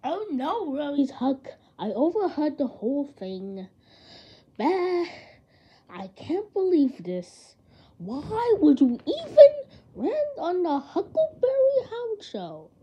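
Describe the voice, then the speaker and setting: A woman's voice: high voice, sing-song, slow, exaggerated voice. A woman voicing a furious parent who scolds shrilly and repeats words, on a dull lo-fi home recording.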